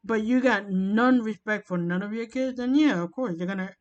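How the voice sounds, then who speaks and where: Rambling woman in casual chat, stumbling restarts, mid-range voice, muffled lo-fi sound. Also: medium pitch. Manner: rambling, halting, many restarts.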